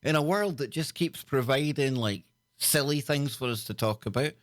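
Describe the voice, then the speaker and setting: A man hosting a casual livestream chat, talking in an excitable, slangy way. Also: mid-range voice, normal speed, dry recording, studio quality. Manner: excitable, loud laughs, slang-heavy. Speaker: host.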